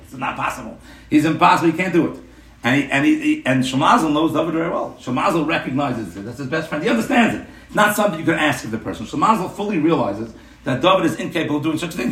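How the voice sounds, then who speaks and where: A man giving a storytelling Torah class, animated and full of rhetorical questions. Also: fairly high pitch. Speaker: Torah teacher. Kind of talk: storytelling sermon. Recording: roomy room, mic at a distance.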